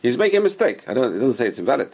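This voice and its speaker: A man's voice: mid-range voice, sing-song, racing, darkish tone, breathy edge. A man teaching a casual religious class who repeats his points and drills pronunciation with the students.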